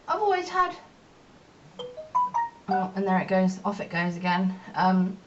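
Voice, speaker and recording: A woman's voice: sing-song, measured pace, music in the background. A young woman vlogging in a rambling, chatty, self-mocking way while doing her makeup at home. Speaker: beauty vlogger. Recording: distant, dull lo-fi mic with faint rumble.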